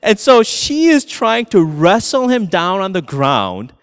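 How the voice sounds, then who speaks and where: High-voiced man preaching in a hall. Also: measured pace, clear, resonant tone. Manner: storytelling, animated, laughing through anecdotes. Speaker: pastor. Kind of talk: sermon.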